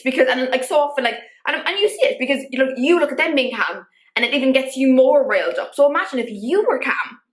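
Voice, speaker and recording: Speaking to camera in a casual vlog, a woman with a high, fairly bright voice chats freely, using lots of filler words and building in energy. The camera mic gives her voice a reverberant sound.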